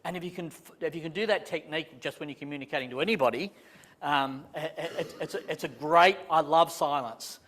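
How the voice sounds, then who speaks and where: Male trainer, fairly high voice, chatty and self-deprecating, long hall reverb. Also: brisk. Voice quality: chatty, animated, self-deprecating jokes, many restarts. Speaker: property management trainer. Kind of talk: live training talk to a room. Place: conference room with a live audience.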